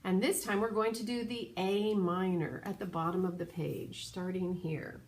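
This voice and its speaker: A woman teaching a children's piano lesson, patient and clear, now and then singing solfege syllables. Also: on the low side, fairly even intonation, moderate pace. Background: piano playing.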